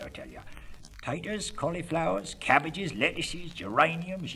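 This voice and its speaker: A man's voice: fairly high pitch, wildly swooping pitch, moderate pace, creaky, pushed and bright. A man with a rural southern English accent spinning comic country yarns in a drawling dialect monologue, with chuckling asides.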